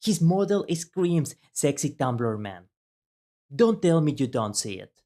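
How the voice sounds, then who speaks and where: A streamer reacting to clips in loud, exclamatory casual chat, laughing often. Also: mid-range voice, sing-song, unhurried.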